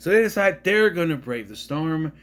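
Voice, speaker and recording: Male reviewer from Minnesota, lively pitch, casual, self-correcting, dry asides. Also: moderate pace. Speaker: movie reviewer. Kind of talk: casual movie recap.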